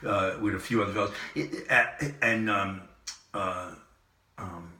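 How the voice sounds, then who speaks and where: A man hosting his own commentary channel, delivering an impassioned monologue that repeats phrases and swings between loud and soft. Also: low-pitched, fairly even intonation, unhurried, reverberant, far from the mic. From Southern California. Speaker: online commentary host.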